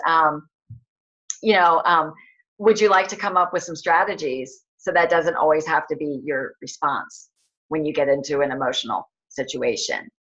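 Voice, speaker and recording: Her low voice has a fairly bright tone, and the recording is lo-fi. She's a health coach running a training call, rambling casually through coaching questions with many fillers and restarts.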